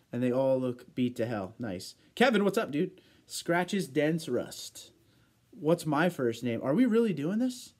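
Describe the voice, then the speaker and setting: A man hosts a relaxed livestream, reading viewer comments aloud and chatting back. His voice sits a bit high for a man. He talks loosely, laughs often and trips over his words now and then. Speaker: livestream host.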